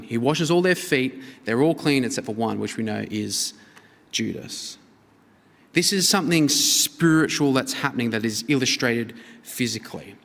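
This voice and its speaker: A man preaching a sermon as a pastor, in an earnest, expressive manner that swings between emphatic and hushed. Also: mid-range voice, normal speed. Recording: reverberant hall.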